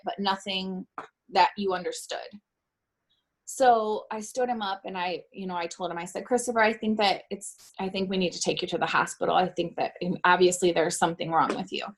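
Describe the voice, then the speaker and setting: Middle-aged woman, interview guest, halting speech, frequent self-corrections, mid-range voice. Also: medium pitch, steady tone. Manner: halting, often stops to correct herself. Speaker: interviewee, bereaved mother. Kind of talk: personal account in an interview.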